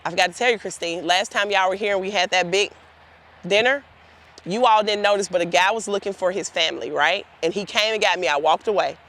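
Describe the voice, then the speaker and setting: A woman's voice: mid-range voice, fairly quick, fairly bright tone. Earnest woman guiding a cemetery tour. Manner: earnest, heartfelt storytelling addressing the group directly. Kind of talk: guided tour talk to volunteers. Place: outdoors in a cemetery.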